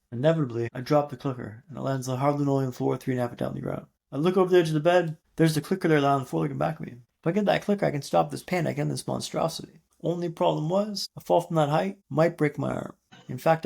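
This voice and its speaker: Fast, gravelly man telling a story. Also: fairly high pitch, a little mellow. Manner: dramatic storyteller with repeated refrains and pauses. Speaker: podcast guest. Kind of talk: storytelling interview.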